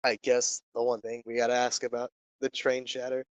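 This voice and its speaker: A young male caster interviewing a player after a match, teasing him with dry jokes. His delivery stays flat and even, and the audio is dry and a little dull. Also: medium pitch, fairly quick, no echo. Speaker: esports caster. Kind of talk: casual post-match interview.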